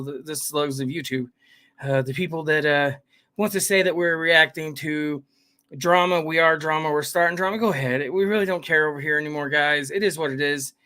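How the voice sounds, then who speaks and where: Rambling, slightly high-voiced male streamer. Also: pushed and bright. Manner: rambling, greets viewers by name, keeps saying "guys" and "fam". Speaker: livestream host. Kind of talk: casual live chat, reading viewer comments.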